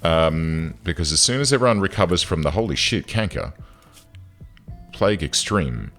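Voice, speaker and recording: Low-voiced man narrating his gameplay. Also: expressive, moderate pace, faint music behind. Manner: chatty, swings into loud exasperated outbursts. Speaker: gaming channel host. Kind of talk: casual gameplay commentary.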